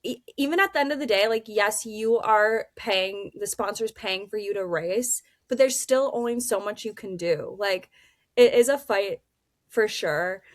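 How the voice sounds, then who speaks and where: A young woman, a race car driver, telling her stories in a blunt, animated way, swearing freely and acting out what people said. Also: mid-range voice, unhurried, no room sound. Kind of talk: candid casual storytelling.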